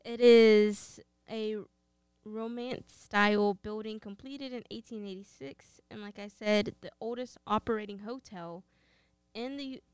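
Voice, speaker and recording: A woman's voice: medium pitch, fairly even intonation, unhurried, a little mellow, clear, resonant tone, dry recording. A woman from Texas with a Texan accent, co-hosting a podcast in casual, sarcastic banter. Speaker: podcast co-host. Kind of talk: casual chat.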